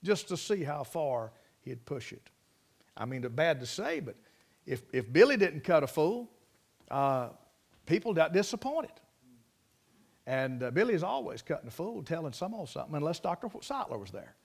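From the pulpit, a preacher with a high voice tells stories in a folksy, rambling way, drifting between anecdote and scripture as he talks plainly. He is very animated and speaks at a moderate pace, delivering a sermon built around storytelling.

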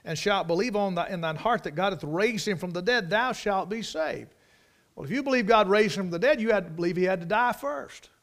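A man's voice: high voice, expressive, brisk. Emphatic preacher man. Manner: emphatic, repeats key words for stress. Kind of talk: sermon.

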